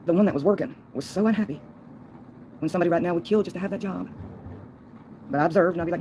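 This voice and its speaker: A woman's voice: fairly low pitch, rapid-fire, pauses often, mellow, a little hiss or hum, low-quality recording. A woman livestreaming a long, folksy, rambling monologue, laughing between thoughts.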